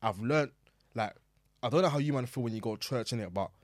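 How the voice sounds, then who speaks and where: A man's voice: medium pitch, quick pace, dry recording, studio quality. A young man, asking questions in laid-back slangy chat as a podcast co-host. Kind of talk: casual chat.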